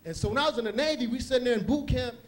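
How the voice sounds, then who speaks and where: A man's voice: very high-pitched, racing. A man doing a stand-up comedy set on a club stage, telling loose, rambling stories with asides.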